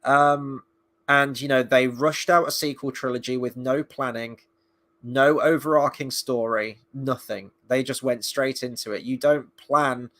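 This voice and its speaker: An eager, opinionated man talking through his thoughts on a show in a relaxed live-stream review. His voice sits at an ordinary middle pitch and he thinks aloud as he goes. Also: a little slow. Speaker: film and TV reviewer.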